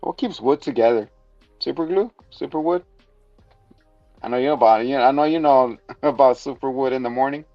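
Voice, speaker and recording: A man's voice: mid-range voice, brisk, no echo, faint music behind. Joking male podcast host, lo-fi sound. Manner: joking, rambling, playful. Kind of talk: casual comedic review chat.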